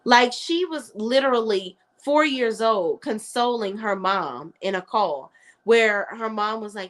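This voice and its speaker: A woman's voice: fairly high pitch, animated, a little slow, fairly bright tone. A woman reviewing a reality show in a casual, blunt, opinionated chat.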